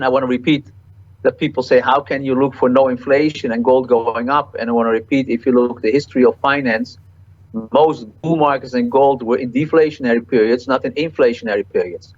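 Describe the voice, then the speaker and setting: A man guest in an interview explains market forecasts in halting, repetitive phrases full of fillers. His voice sits at an average pitch. The recording sounds dull and lo-fi. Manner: halting, repeats words, many "uh" fillers. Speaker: market cycle analyst guest. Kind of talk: interview answers.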